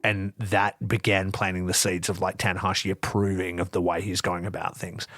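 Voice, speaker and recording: A man's voice: deep voice, normal speed, no room sound. Profane, storytelling man podcast host. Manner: animated, profane storytelling with acted-out quotes. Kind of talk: casual wrestling review chat.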